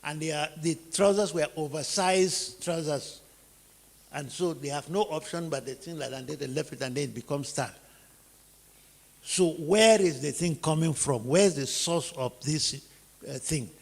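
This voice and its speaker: Gravelly Nigerian preacher in a hall. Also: male voice, a little high, normal speed, darkish tone. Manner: rhetorical questions, emphatic repeated phrases. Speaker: teacher preaching on family life. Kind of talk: sermon-style teaching.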